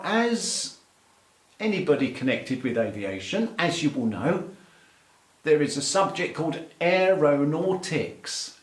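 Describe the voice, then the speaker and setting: A man's voice: fairly high pitch, reverberant. A middle-aged English man with an English accent, an aviation English teacher giving a playful, mock-exasperated rant to camera. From England. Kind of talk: light-hearted rant to camera.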